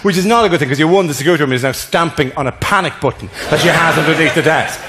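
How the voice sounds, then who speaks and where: An Irish man performing live stand-up comedy, telling stories fast and acting out voices on a theater stage. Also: on the high side, background noise. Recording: echoey theater with loud crowd laughter. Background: audience laughing.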